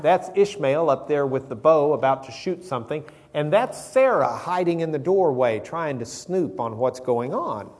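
A man teaching a casual Bible lesson with humor, acting out the characters he quotes in a conversational way. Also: fairly high pitch. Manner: conversational with fillers.

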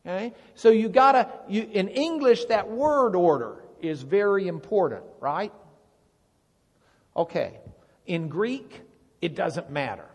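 A man giving Bible teaching to a congregation, explaining with lively questions to the room. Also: high voice, slow pace, husky. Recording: long reverb of a large hall.

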